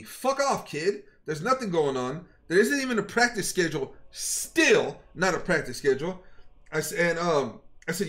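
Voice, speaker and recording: A man's voice: high voice, a bit bright. A young man streamer angrily retelling an argument to his chat, heated and profane, quoting both sides of the exchange. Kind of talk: angry ranting story to stream chat.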